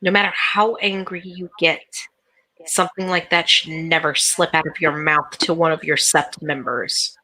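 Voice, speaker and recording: A woman's voice: deep voice, fairly even intonation, normal speed, pushed and bright, dry recording, rough recording. A woman playing a tabletop role-playing game, speaking bluntly and directly in character. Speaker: tabletop role-play player.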